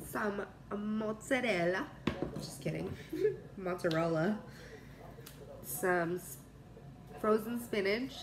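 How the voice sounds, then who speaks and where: A woman's voice: fairly low pitch, background noise. A young pregnant woman chatting casually to her camera while cooking in her home kitchen, rambling and laughing often. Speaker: cooking vlogger.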